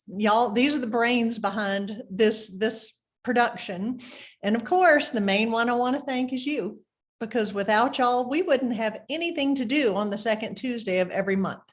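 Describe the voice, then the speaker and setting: Chatty Southern woman hosting, high-pitched. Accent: Southern US, Mississippi. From Mississippi. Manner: chatty, effusive, uses "y'all". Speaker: program host. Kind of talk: friendly community program introduction.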